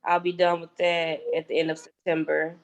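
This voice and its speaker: A woman's voice: on the low side, little pitch movement, moderate pace, poor audio. A young woman, a former student, joins a casual video call and speaks shyly, giggling and unsure of what to say. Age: young adult.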